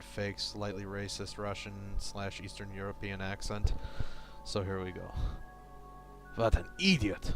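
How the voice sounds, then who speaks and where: A man giving casual, tired, low-energy commentary while he plays a game, mumbling into a desk microphone. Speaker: let's play host. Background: game music.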